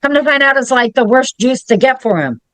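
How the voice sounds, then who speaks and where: A woman's voice: sits high, lively intonation, brisk, no room sound. A middle-aged woman as a guest in a casual podcast chat, easygoing and musing aloud.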